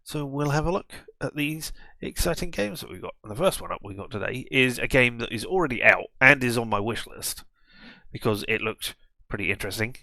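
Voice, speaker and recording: A man's voice: mid-range voice, lively intonation, a little fast, pushed and bright, no room sound. A man hosting a casual let's play video, commenting on a game in a rambling, self-mocking way.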